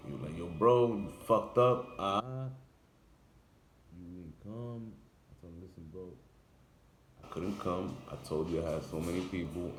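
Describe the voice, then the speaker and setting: A deep-voiced barber delivers a casual spoken monologue, telling an intense personal story. He's emphatic, his volume drifting louder and quieter, in an echoey room with background noise.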